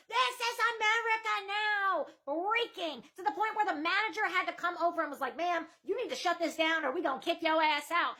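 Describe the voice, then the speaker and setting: A young woman telling a comedic story, animated, firing off punchlines and acting out what others said. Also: very high-pitched. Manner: animated, quick punchlines, acts out others' lines.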